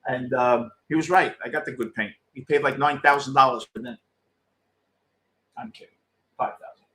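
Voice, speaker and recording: At a moderate pace and in a mid-range voice, a middle-aged man hosts a postgame show. He talks to viewers in a relaxed way while reacting bluntly and excitedly to the live game, with plenty of swearing.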